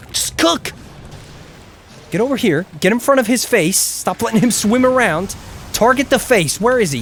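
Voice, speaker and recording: A fairly high, gravelly male voice that swings widely up and down as he plays. He gives casual, excitable game commentary, swearing freely and pleading with the screen when things go wrong. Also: a little hiss or hum. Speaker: game streamer.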